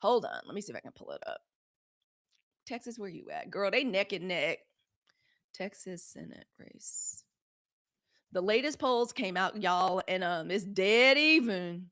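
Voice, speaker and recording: Bright-voiced blunt woman host. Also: medium pitch, animated, measured pace, long pauses. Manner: blunt, profane, talks straight to chat viewers. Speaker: live news show host. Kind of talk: casual live-stream commentary.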